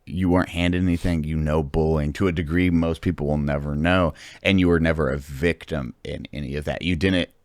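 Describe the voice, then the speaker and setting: Man, very low voice, dry close mic, animated swearing storyteller. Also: brisk, hardly any pauses, dry recording. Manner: animated storytelling, heavy swearing, acts out quotes loudly. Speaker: podcast host. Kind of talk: casual chat.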